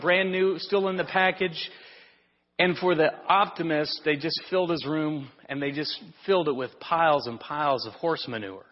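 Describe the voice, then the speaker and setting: A pastor preaching a sermon in a conversational, storytelling way with rhetorical questions. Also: male voice, fairly high pitch, breathy edge. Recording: muffled sound in a reverberant hall.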